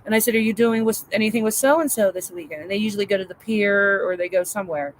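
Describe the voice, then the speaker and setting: A middle-aged woman chatting casually as co-host, telling animated stories about her home and family. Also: medium pitch, fast talker, slight background noise. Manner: chatty, animated storyteller acting out her daughter. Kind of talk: casual chat.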